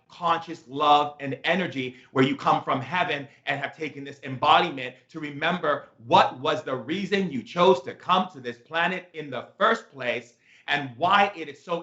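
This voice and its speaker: A man's voice: on the high side, pushed and bright. A man teaching a spiritual self-help talk, emphatic and repetitive with playful asides. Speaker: shaman teacher. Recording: echoey room, dull lo-fi sound.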